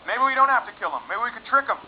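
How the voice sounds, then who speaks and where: A man doing a stand-up comedy set, delivering crude, brash punchlines and sometimes shouting. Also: extremely high pitch, animated, very fast. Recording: dull lo-fi live recording, loud noise.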